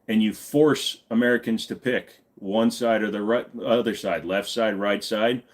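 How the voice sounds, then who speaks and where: A man's voice: fairly low pitch, fairly even intonation, a little slow. A man in his forties hosting a live stream Q&A. He talks bluntly and casually and swears freely. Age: 40s.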